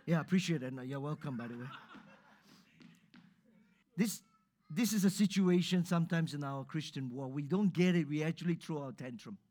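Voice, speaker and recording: High-voiced man preaching a sermon. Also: normal speed, pauses often. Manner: questions the congregation directly, conversational and lively. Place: church before a live congregation.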